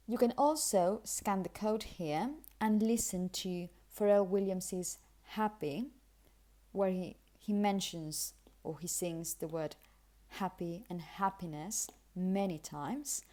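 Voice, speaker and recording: A Spanish-accented woman, natively a Spanish speaker, leads an English pronunciation lesson at a slow pace. She explains with care and repeats example words in a mellow, mid-range voice.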